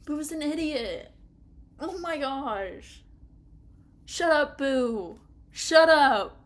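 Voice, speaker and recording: A woman's voice: sits high, expressive, extremely slow. A young woman giving casual reaction commentary on a story, exasperated and ranting with frequent laughter. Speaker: streamer reading an interactive story.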